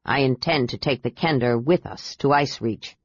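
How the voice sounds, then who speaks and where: A woman's voice: a bass voice, normal speed, husky, no room sound, pitched below the performer's own voice. A woman voicing a stern, harsh male knight who talks in curt orders, in an audiobook. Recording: dull dry audiobook recording.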